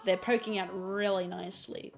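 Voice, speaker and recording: A chatty woman talks through her painting in a loose, giggly livestream way, often repeating herself. She is under the weather and coughs now and then, at a middling pitch, with soft music faint behind her. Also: steady tone, moderate pace, creaky. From Australia. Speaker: streamer and artist. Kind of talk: casual livestream chat explaining digital painting.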